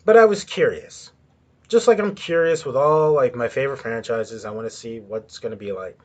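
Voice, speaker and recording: A man's voice: medium pitch, moderate pace, highs cut off. A man hosting a podcast on his own, ranting in a rambling way with lots of swearing and filler words. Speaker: podcast host. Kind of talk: solo ranting commentary.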